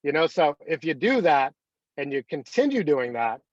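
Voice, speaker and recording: A man's voice: fairly high pitch, big pitch swings, moderate pace, no room sound, lo-fi sound. A man in his thirties leading a motivational team call over video, talking in a rambling, anecdotal way full of fillers. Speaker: team leader.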